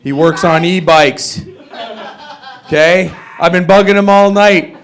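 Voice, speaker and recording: A man's voice: high-pitched, fairly even intonation, slow pace. A man hosting an open mic, introducing the next comic in an upbeat way and calling out to the crowd. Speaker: host. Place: comedy club stage.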